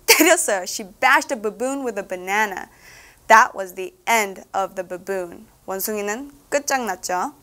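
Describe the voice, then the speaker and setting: A woman's voice: fairly high pitch, a bit bright. A woman reading a children's storybook aloud as a lesson, switching between English and Korean, playful and full of questions to the listener. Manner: playful, asks the listener questions, laughs often.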